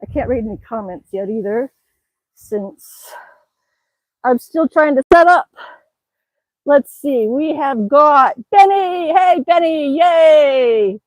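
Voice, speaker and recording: A cheerful woman from Alaska talks to her live-stream viewers while exercising outdoors, a little out of breath. Her voice sits high and bright in pitch, and she chats in a chatty, exclaiming way. The sound is close and dry, with almost no room around it. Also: animated, slow pace, long pauses, dry recording, low-quality recording. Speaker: livestreaming vlogger. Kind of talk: casual live-stream chat.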